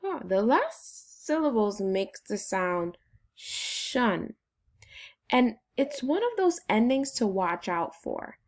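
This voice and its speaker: Woman teacher doing phonics, slow n encouraging, sounds out every syllable, voice goes up and down a lot. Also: medium pitch, gravelly. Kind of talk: phonics lesson for children.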